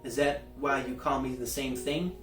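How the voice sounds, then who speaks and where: A man's voice: mid-range voice, steady tone, normal speed, a bit bright, reverberant, distant mic, faint music behind, natural voice. A man reading aloud, voicing an earnest, polite young man who speaks formally.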